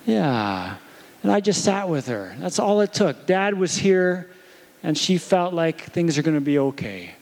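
A man in his thirties preaching a sermon, telling a gentle story about comforting his little daughter and asking her questions along the way. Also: on the high side, very animated, unhurried. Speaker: pastor.

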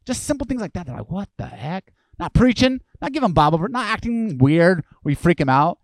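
A male pastor delivering a lively, conversational sermon, acting out the voices of people he quotes. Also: high voice, a little fast, dry recording.

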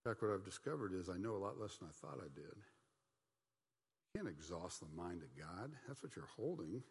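A middle-aged man with a lowish voice leads a Bible study in a relaxed, folksy way. He talks conversationally, tossing in asides and playful mock voices. His voice carries a long hall reverb. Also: fairly quick, breathy edge.

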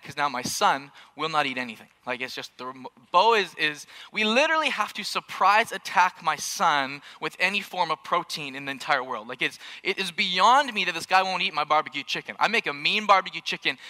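A man in his thirties preaches to his congregation on a stage mic in a church auditorium. He tells jokey stories and throws questions to the crowd. His voice is very bright and a little high. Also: lively intonation, brisk. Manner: jokey storytelling, addresses the congregation. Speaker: pastor. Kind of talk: sermon.

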